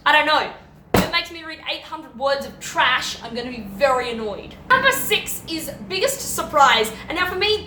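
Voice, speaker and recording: Young woman, bubbly book vlogger: high voice, gushy rants, trips over her own sentences. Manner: animated, gushing and ranting, quick self-interruptions. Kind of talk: casual book review chat. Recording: echoey room.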